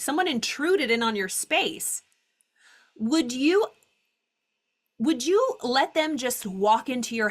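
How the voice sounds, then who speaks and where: A young adult woman coaching on a live call, teaching in an animated way and acting out her inner voices with exclamations. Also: fairly high pitch.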